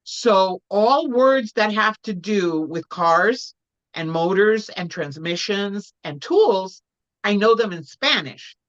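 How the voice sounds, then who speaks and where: A woman from Puerto Rico chatting casually as a guest, telling stories in an animated way. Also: medium pitch, takes it slowly, lo-fi sound. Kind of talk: casual chat.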